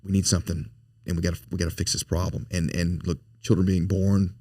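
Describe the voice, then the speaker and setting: Low-voiced male interview guest: earnest storyteller, repeats words, dry close sound. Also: level tone, brisk, warm tone, breathy edge, no room sound. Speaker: foundation president, podcast guest.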